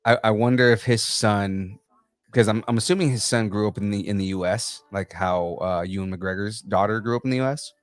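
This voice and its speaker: A man's voice: lowish voice, brisk, dry recording. A man co-hosting a casual pop culture podcast, talking enthusiastically and rambling with lots of fillers. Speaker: podcast co-host.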